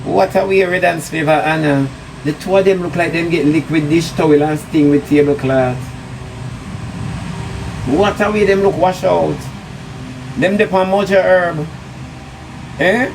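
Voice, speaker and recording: A high-pitched man with a Jamaican accent rants mockingly on a live stream, heaping sarcastic scolding on his targets. He sits back from the mic, and loud background noise runs under his voice. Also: measured pace, vocal fry, pauses often, far from the mic. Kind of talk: ranting live-stream monologue.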